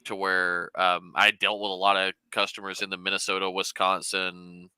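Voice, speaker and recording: A man's voice: low-pitched, level tone, normal speed, bright, forceful tone, clear, resonant tone, dry recording, low-quality recording. A young man with a Southern drawl, chatting casually, stammering over starts and swearing as he tells stories. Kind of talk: casual chat.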